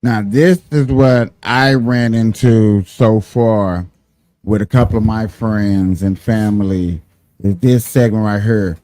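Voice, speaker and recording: Slow-talking man, dry close sound. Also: fairly low pitch, fairly even intonation, dark tone, no room sound. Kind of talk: casual chat.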